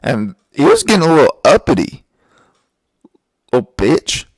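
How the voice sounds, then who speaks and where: A man's voice: on the high side, wildly swooping pitch, measured pace, breathy edge, no room sound. A young man hosting a podcast, telling stories in a laid-back, profane, ranting way. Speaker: podcast host. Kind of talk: casual storytelling monologue.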